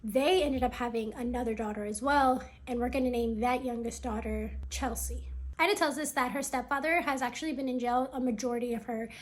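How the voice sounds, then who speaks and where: A woman's voice: on the high side, brisk. A woman casually retelling a personal story about someone else's family, chatty and full of fillers.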